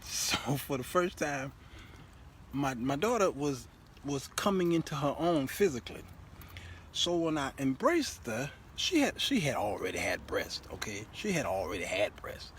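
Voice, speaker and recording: A middle-aged man hosting a talk show, telling stories in an animated, laughing way and often repeating himself. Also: mid-range voice, a little slow, slight background noise. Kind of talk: comedic storytelling monologue.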